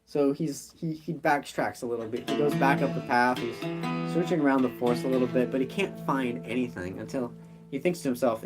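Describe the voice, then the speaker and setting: A man improvises a story aloud, rambling and loose, full of fillers and restarts. His voice sits at an ordinary mid-range pitch, with guitar music playing behind him. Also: a little fast. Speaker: live-stream storyteller. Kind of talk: improvised storytelling live stream.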